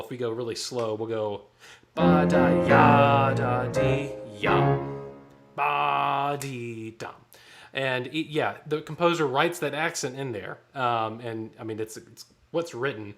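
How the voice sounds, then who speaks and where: A man leading a choir rehearsal, counting off beats and singing short phrases to show how they go. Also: medium pitch. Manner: counts off beats and sings lines to demonstrate. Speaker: choir director.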